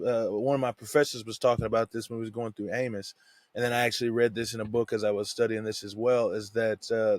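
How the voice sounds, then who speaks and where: A young man talking through a Bible passage in an easygoing, conversational way, often dropping "man" mid-sentence. His voice sits at a middle pitch. The sound is close and dry, with no room echo. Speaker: devotional teacher. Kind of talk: casual Bible devotional.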